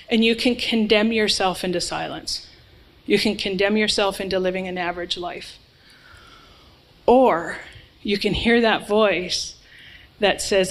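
A woman's voice: medium pitch, a little slow, rough recording. A woman preaching a sermon to a congregation, earnest and emphatic, with informal asides. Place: church hall with a live congregation.

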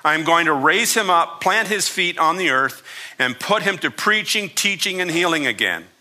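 A man's voice: a little high, bright, forceful tone, voice pushed up. A man putting on a folksy Southern preacher. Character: folksy older Southern preacher, plain-spoken and wry. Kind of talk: sermon reading.

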